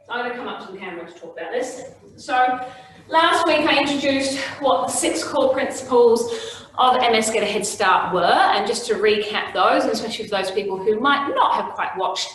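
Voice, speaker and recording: A woman's voice: a little high, lively intonation, brisk, a bit bright, slight background noise. A woman instructor leading an online exercise class. She coaches the moves and keeps checking in with "okay?". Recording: very echoey room, voice far from mic.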